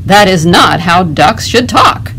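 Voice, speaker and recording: A woman's voice: on the low side, animated, takes it slowly, fairly bright tone, slight background noise. A woman voicing a fussy, indignant female goose in a storybook reading, with a prim, scolding manner.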